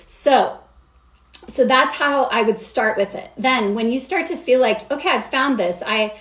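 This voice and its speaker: A woman's voice: on the high side, measured pace, fairly bright tone. A woman vocal coach explaining singing technique in an upbeat way, stopping to demonstrate sounds as she goes. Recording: echoey room.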